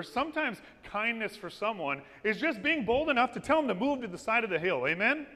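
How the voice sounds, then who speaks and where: A man preaching a sermon, telling stories with lively energy and asking his congregation "amen?". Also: sits high. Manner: lively storytelling with call-and-response "amen?". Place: church. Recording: long reverb of a church hall.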